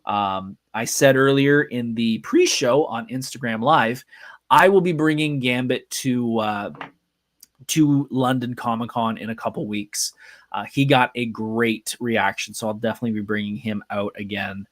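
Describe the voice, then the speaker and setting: A man's voice: mid-range voice, a little slow, no room sound, studio quality. A man hosting a live podcast, telling a rambling, chatty story with lots of fillers. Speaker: podcast host. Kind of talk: casual live podcast monologue. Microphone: podcast mic.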